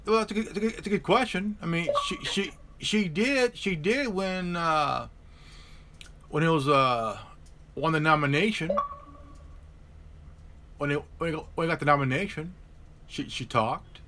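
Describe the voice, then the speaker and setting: A man's voice: fairly high pitch, normal speed, pauses often, background noise. A man hosting a live stream, chatting casually about politics and stumbling over repeated words and restarts.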